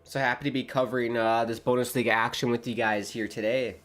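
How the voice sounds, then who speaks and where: A man's voice: medium pitch, quick pace. Chatty male streamer calling a match live. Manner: chatty, rises excitedly on play-by-play, talks to chat. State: early-morning voice. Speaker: watchalong streamer host. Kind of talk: casual live match commentary.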